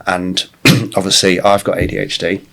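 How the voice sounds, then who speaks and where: A man's voice: deep voice, monotone, normal speed, gravelly, fairly bright tone. A man in his forties, a guest on a podcast, telling personal stories in a candid, casual way with plenty of swearing and restarts. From England. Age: 40s. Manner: candid, swears freely, many restarts and fillers. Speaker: podcast guest, life coach. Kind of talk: casual conversational storytelling.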